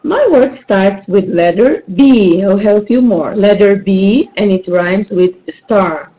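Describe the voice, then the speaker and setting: A woman's voice: mid-range voice, dark tone, muffled recording. A woman with a Brazilian accent, a Portuguese native speaker, patiently running a rhyming word game for an online class as the teacher. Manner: slow, patient, encouraging.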